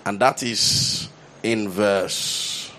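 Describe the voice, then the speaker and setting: A man's voice: on the low side, steady tone, drawn-out words, sharp tone, slight background noise. A man preaching a sermon, building to emphatic repeated declarations and often restarting his phrases. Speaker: pastor.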